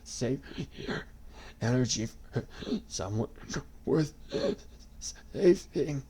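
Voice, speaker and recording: A man voicing a dying young male swordsman who gasps and coughs in broken, breathy whispers. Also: medium pitch, animated, extremely slow, dark tone, pitched above the performer's own voice, full character voice. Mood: fading.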